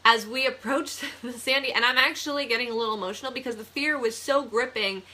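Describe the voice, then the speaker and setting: A young woman from the Buffalo area telling a personal story in a casual vlog, chatty and animated, laughing often. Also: on the high side, fast. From Buffalo, New York area. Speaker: vlogger, real estate agent.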